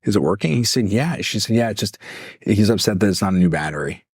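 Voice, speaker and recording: A man co-hosting a podcast as a life coach, telling a long story in an animated way, acting out voices and laughing often. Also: fairly low pitch, quick pace, husky, no echo, studio quality. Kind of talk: casual storytelling chat.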